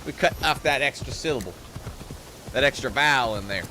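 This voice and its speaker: A man's voice: medium pitch, lively intonation, a little fast, a little hiss or hum. A man from Canada giving joking, profane gameplay commentary in a rambling, playful way. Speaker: gaming commentator. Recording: game music loud underneath.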